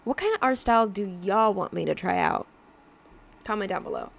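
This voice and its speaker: Young woman, casual streamer, rambly and giggly, gravelly fry, accent wanders in a mix, faint room hum. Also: mid-range voice, expressive, a little fast. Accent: drifting mix of mimicked accents. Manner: chatty, rambling, laughs often, many fillers. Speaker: digital artist livestreaming. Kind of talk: casual livestream chat while drawing.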